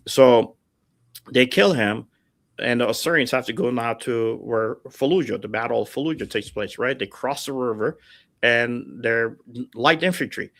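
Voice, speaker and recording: Man, middle-aged, gravelly voice, medium pitch, lively storyteller, acts out the people in his stories, dry close sound. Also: normal speed, no echo. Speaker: guest storyteller. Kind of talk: casual storytelling. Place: home setup over a livestream call. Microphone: remote call mic.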